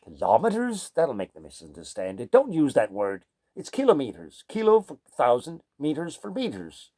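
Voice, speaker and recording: A man's voice: medium pitch, huge pitch swings, moderate pace, warm tone. A Danish man with a Danish accent, a music teacher talking in a digressive monologue and often groping for words. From Denmark. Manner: digressive, gropes for words with many fillers. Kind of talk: rambling spoken monologue.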